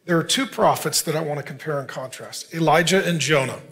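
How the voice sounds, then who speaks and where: Man, fifties, pastor, high voice, sermon, talky preaching, soft drops for emphasis. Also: brisk, vocal fry. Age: 50s.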